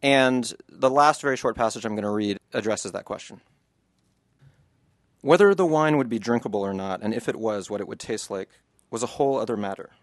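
A man's voice: fairly low pitch, fairly quick, dry recording, clean studio sound. A man, an author, reading passages from his book to an audience and then answering questions in a loose, chatty way.

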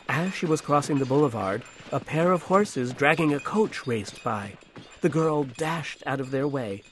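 A man narrating a storybook in a measured, hushed, gentle way. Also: medium pitch.

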